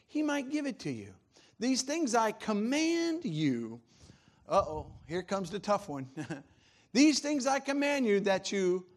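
High-voiced man preaching animatedly. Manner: animated preaching, laughs often, swings loud and soft. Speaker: pastor. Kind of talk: sermon.

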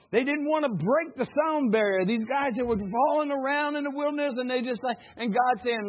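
High husky-voiced man preaching. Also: fairly quick. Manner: call-and-response preaching, swings between loud and hushed. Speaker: pastor. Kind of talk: sermon. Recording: tinny phone-like recording.

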